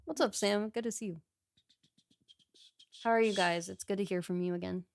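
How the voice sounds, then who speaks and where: A woman's voice: mid-range voice, steady tone, moderate pace, vocal fry, a little hiss or hum. A woman co-hosting a live stream in casual chat, friendly and encouraging.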